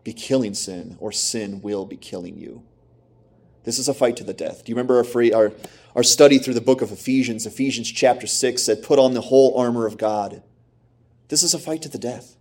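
Middle-aged man preaching a sermon; emphatic, repetitive, mid-pitched, asks the congregation questions. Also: fairly quick, darkish tone. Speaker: pastor.

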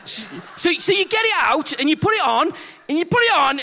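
A man's voice: extremely high pitch, very animated, a little fast, creaky, bright, forceful tone. A man preaching a chatty, humorous sermon in church, telling self-deprecating stories and acting out the dialogue as he questions the congregation.

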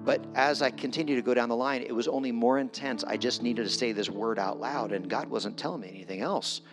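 A middle-aged guest preacher gives a conversational storytelling sermon, self-deprecating and acting out his own quotes. His mid-range voice moves fairly quickly, and the recording carries long hall reverb with music.

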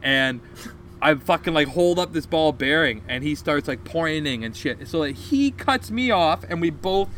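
A man telling a story on a casual podcast, swearing often and animated. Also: on the high side, moderate pace, a little hiss or hum. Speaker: podcast co-host.

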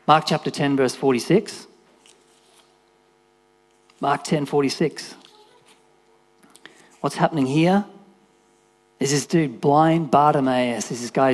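A man delivers a casual sermon in an easygoing, conversational way. His voice sits at an ordinary middle pitch. He keeps acting out the voices and climbs into excited shouts. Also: big-room sound. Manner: animated, acts out voices, rises to shouts. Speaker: preacher.

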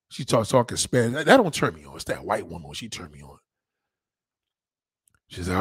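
Husky blunt man ranting. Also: mid-range voice, expressive, no echo, studio quality. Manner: blunt, crude, rambling, talks fast. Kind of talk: casual profane monologue.

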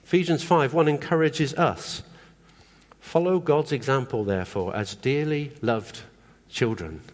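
A man's voice: mid-range voice, a little slow. A man preaching a sermon in a conversational way, often asking the congregation questions. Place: church hall. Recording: long hall reverb.

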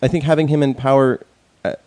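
Mellow-voiced man in rambling, profane chat. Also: mid-range voice, steady tone, fast. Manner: rambling, frequent fillers and restarts, blunt and profane. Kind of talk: casual chat.

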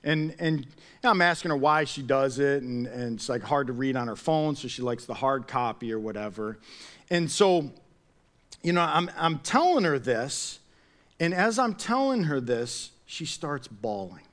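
A man preaching a sermon as pastor, telling a personal story in a chatty, animated way with many restarts. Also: medium pitch, normal speed.

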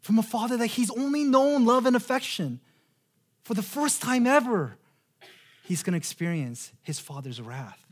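A man in his thirties preaching a sermon in an earnest way, slowing right down on key phrases and repeating words as he restarts. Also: very high voice, lively intonation, husky. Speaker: pastor.

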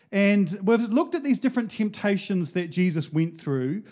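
A male pastor with a New Zealand accent preaches a sermon in a relaxed, storytelling way, full of fillers and asides. His voice sits high for a man. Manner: casual anecdotal storytelling, chatty with many fillers.

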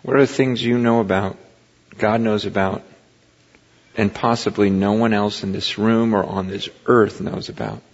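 A pastor giving a sermon in a conversational preaching style that rises into impassioned emphasis, recorded in a large hall. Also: male voice, lowish voice, fairly even intonation, normal speed. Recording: muffled recording with long hall reverb.

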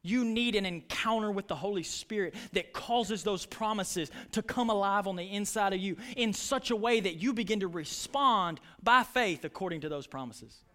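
High-voiced impassioned pastor. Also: male voice, normal speed, few pauses, fairly bright tone. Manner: impassioned preaching, retelling stories with voices. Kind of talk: sermon.

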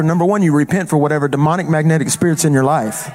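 Emphatic evangelist man, slightly high voice. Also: quick pace, hardly any pauses, darkish tone. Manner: emphatic, colloquial preaching with repetitions. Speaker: traveling evangelist. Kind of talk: sermon.

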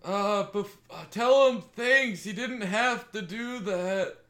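High-voiced man, hesitant player. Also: slow pace, pushed and bright. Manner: hesitant, rambling, self-correcting. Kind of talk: casual tabletop play.

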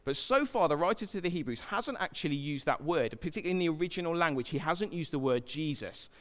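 A man's voice: a little high, animated, quick pace, long reverb tail. A man preaching a sermon in a chatty, joking way, often checking in with the congregation. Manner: chatty, joking, asks the congregation frequent "okay?".

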